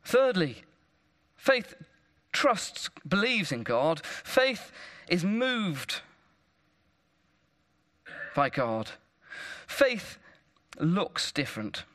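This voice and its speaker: A man preaches to his congregation with a high, bright voice that keeps leaping up and down. He talks like he is chatting with friends, tells stories and tosses in "isn't it?" and "okay?" to check that people follow. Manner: conversational preaching with stories and tag questions. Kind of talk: sermon.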